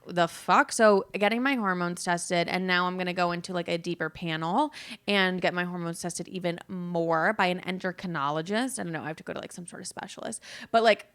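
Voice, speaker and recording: On her own podcast, a young female host talks alone in a casual, candid ramble, leaning on lots of filler words and swearing often. She has a lowish voice with a slightly bright quality.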